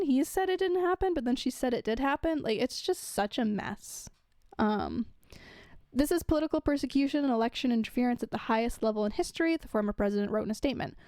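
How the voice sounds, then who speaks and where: Young woman reading the news out loud fast, chatty asides, higher voice, dry close sound. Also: dry recording. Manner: chatty, reads quotes then adds asides with fillers. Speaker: commentator. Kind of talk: casual commentary reading news aloud.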